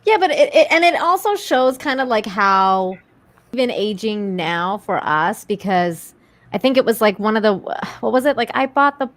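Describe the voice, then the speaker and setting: A woman's voice: fairly high pitch, expressive, moderate pace, a bit bright, dry recording. Chatty woman co-host, dry sound. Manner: chatty, hesitant, many "like"s. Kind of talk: casual chat.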